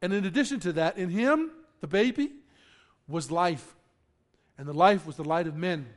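A man preaching a sermon, swinging from loud emphatic declarations to low explanations, often repeating himself and putting questions to the congregation. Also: moderate pace. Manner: repeats words and restarts, asks the congregation questions. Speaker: pastor.

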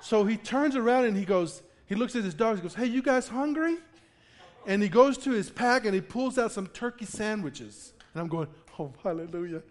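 Lively, high-voiced male pastor. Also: fairly quick, hardly any pauses. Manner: animated storyteller, acts out quotes with laughter. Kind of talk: sermon with a personal story. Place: church in front of a congregation.

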